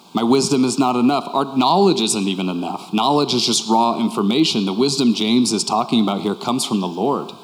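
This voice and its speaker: In an echoey church hall full of congregants, a low-voiced man delivers a sermon, and the long reverb carries his words. He's conversational and candid, repeating key phrases.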